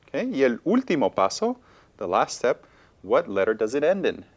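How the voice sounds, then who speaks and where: Man, spanish teacher, animated pitch, mid-range voice, encouraging, keeps asking okay. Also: moderate pace, lo-fi sound. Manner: lively, encouraging, checks in with frequent okays. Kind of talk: bilingual televised language lesson.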